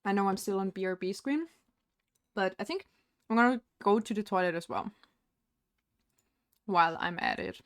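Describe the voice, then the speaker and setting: A woman's voice: mid-range voice, lively intonation, normal speed, pauses often, no echo, studio quality. A young woman streaming live from home, chatting casually and rambling while she paints, with frequent laughs.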